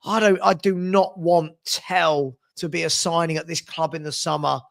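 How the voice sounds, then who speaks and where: A man's voice: on the high side, steady tone, moderate pace, vocal fry, fairly bright tone. A man hosting a live match watchalong, calling the play in a casual way and chatting with viewers about their comments. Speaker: watchalong host.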